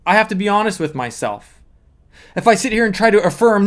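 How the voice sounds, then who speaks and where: Coach type, high male voice, earnest explainer who repeats the key points. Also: animated, normal speed. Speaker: manifesting coach. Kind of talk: motivational teaching monologue.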